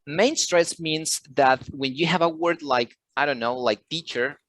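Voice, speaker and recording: A man running an English class, speaking patiently and repeating his points as he quizzes his students. His voice sits a bit high for a man, and the sound is close and dry with no room to it. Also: a little slow, fairly bright tone, no echo. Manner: switches into Spanish to explain. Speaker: English teacher. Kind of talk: online class lesson.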